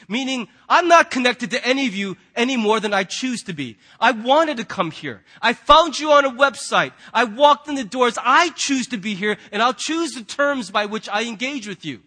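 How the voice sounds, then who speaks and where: Male pastor, sermon delivery; high-pitched, emphatic and conversational with casual asides. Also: animated, moderate pace, sharp tone. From United States.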